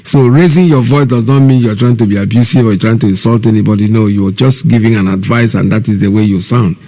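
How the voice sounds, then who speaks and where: Gravelly Nigerian man hosting radio. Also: on the low side, steady tone, fast, mellow. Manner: earnest, explaining at length with repeated phrases. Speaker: radio host. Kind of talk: call-in radio talk.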